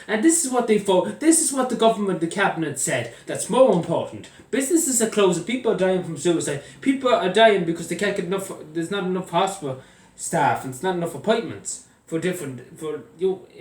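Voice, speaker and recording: An Irish man ranting angrily to camera, swearing often and repeating himself as he gets worked up. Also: high-pitched. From Ireland. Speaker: vlogger. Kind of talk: angry political rant. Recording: echoey room, mic at a distance.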